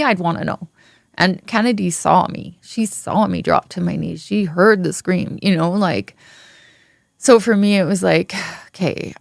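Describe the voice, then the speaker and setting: A woman guest on a podcast, telling her story frankly and candidly, swearing freely, with halting restarts. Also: fairly low pitch, creaky, no room sound, studio quality. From Ontario, Canada.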